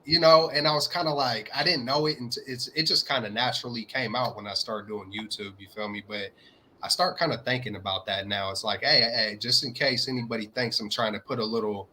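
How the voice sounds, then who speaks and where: A man co-hosting a fan talk show, with a slight Southern American twang and an energetic, slangy way of hyping up viewers. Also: medium pitch, brisk, slight background noise. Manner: energetic, hypes viewers with shout-outs and slang. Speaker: podcast co-host. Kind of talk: casual chat.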